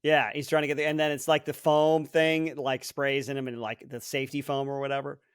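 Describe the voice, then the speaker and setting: A man's voice: mid-range voice, level tone, a little fast, smooth. A man co-hosting a podcast, guessing movie quotes, thinking aloud, hesitant, laughing easily. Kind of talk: casual podcast chat.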